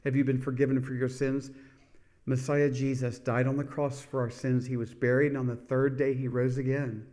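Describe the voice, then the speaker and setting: A man's voice: medium pitch, little pitch movement, moderate pace, warm tone. A middle-aged man preaching and hosting a televised sermon program, fervent, stressing his words and calling out hallelujah.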